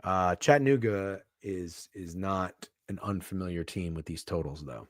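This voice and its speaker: A man hosting a sports betting show, talking casually, swearing freely and swinging from hushed asides to loud bursts. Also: deep voice, normal speed, no room sound. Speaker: sports betting podcast host.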